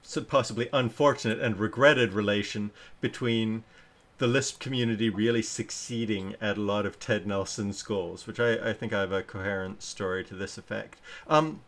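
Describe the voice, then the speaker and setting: Male host, lower register, casual live-stream talk, meandering and self-interrupting delivery. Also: steady tone, normal speed, a bit bright. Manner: rambling and self-interrupting, reads chat comments aloud. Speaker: show host.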